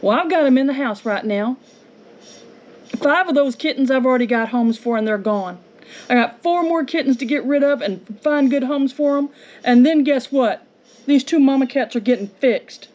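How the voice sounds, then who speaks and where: A woman's voice: high-pitched, moderate pace, darkish tone. Angry woman venting at home. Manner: indignant, confrontational, rhetorical questions. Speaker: homestead vlogger. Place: home with yard being mowed. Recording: dull lo-fi audio with faint noise.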